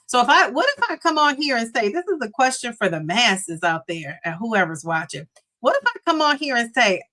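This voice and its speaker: A middle-aged woman hosts a casual livestream, chatting, laughing often, and reading viewer comments aloud. Her voice is medium-pitched, pushed and bright.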